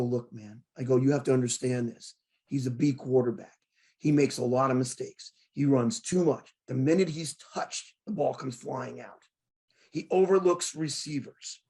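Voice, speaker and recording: A man hosting a sports talk show, telling a long story in a casual, excitable way and quoting arguments he had. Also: medium pitch. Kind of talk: animated storytelling in casual chat.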